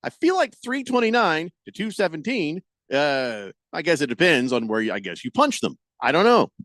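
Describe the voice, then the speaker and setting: A man's voice: fairly high pitch, moderate pace, no room sound. A man hosting a sports radio show, chatting casually, reading listener texts and ranting in exasperation. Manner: animated, exasperated rants with mock-quoted voices.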